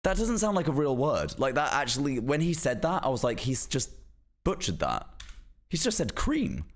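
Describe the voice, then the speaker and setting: A man's voice: medium pitch, sing-song, normal speed. A British man streaming a reaction to a video, incredulous and mocking, with some swearing. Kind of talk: casual reaction commentary.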